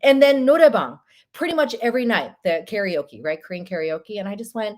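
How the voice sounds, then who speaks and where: A woman hosting a live stream show, telling stories in a chatty, animated way. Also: medium pitch, fairly quick. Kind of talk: casual live-stream chat.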